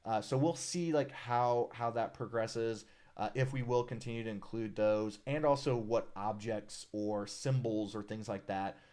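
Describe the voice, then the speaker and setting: A man's voice: on the low side, unhurried. A man hosting a casual live stream, chatting loosely with many fillers and reading viewer comments. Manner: relaxed, friendly, many "uh"s, reads viewer comments aloud. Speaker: live stream host, designer of a character art project.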